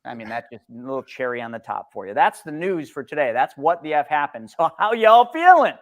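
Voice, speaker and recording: A middle-aged man with a slightly high voice, co-hosting a live market stream. He talks bluntly and sarcastically, pushing hard on his points and mocking the news. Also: big pitch swings, a little fast. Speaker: co-host.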